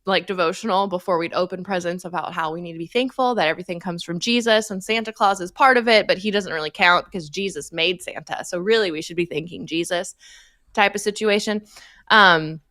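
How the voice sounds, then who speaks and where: A woman in her thirties co-hosting a podcast, telling stories in lively, animated casual chat and laughing often. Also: fairly low pitch, fairly quick, no echo. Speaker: podcast co-host.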